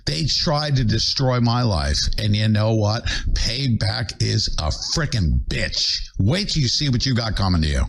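Older man, show host, angry political rant, fired-up, swings up into shouty bursts. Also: fairly low pitch, lively intonation, a little slow, creaky, hardly any pauses, breathy edge. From United States.

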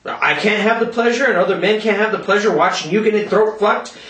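A man ranting loudly in a vlog, cursing constantly and yelling as he talks, in a roomy echo from a distant mic. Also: high voice, a little fast. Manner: profane, loud, yelling rant. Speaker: vlogger.

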